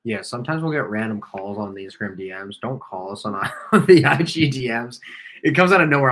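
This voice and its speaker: A man co-hosts a fan watch-party stream in a loose, joking way. He laughs easily and calls plays casually. His voice is mid-pitched with a bright, sharp tone. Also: lively intonation, fairly quick. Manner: laughs easily, jokey, hyped reactions. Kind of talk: casual live game-watching chat and play-by-play.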